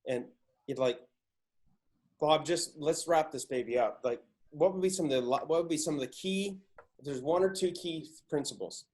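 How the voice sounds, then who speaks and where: An excitable man hosts a podcast, spinning stories in loose, casual chat. He swears freely and leans hard into the telling. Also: on the high side, moderate pace. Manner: excitable, swears a lot, animated. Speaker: podcast host.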